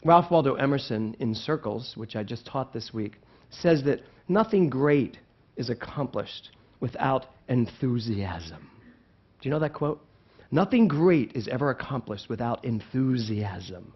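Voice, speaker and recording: Animated male minister preaching. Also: mid-range voice, normal speed, breathy edge, dull audio. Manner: animated preaching, swinging between loud and hushed; asks the congregation questions. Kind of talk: sermon. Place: church sanctuary.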